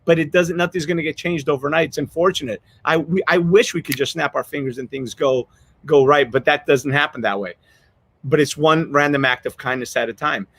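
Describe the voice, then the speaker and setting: This podcast host has a slightly high, fairly bright voice and talks fairly quickly. He rambles earnestly through a casual story, restarting frequently and getting choked up with emotion.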